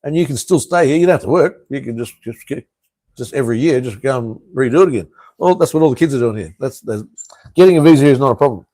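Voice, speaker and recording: A blunt Australian man in his fifties hosts a casual live stream, answering viewers and swearing freely. His voice sits at an ordinary middle pitch. The sound is dry and close, with little room echo. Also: expressive, fast, warm tone. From Australia (Tasmania). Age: 50s. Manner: blunt, swears freely, chuckles between remarks. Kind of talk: casual live chat reading viewer comments.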